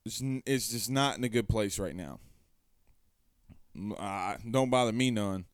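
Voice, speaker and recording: A man's voice: on the low side, a little slow, smooth, no room sound, clean studio sound. A man hosting a sports talk show, reading viewer comments aloud and rambling conversationally with rhetorical questions.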